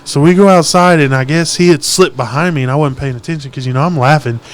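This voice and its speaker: A young man, telling profane, animated stories in a casual podcast chat. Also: on the high side, fast talker, slight background noise. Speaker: podcast host.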